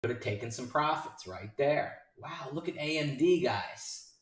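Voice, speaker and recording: A man's voice: a little high, expressive, unhurried, recorded from a distance. Hyped man calling live stock prices. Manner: hyped, rattling off stock prices and chat names. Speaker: day trading show host. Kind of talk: live trading commentary. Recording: roomy sound from off-mic.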